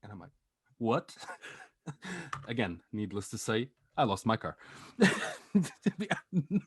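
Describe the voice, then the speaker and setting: A man co-hosting a podcast, telling a story in a casual, animated way, swearing and laughing as he goes. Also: medium pitch, unhurried, slightly rough, no echo, clean studio sound. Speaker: podcast co-host.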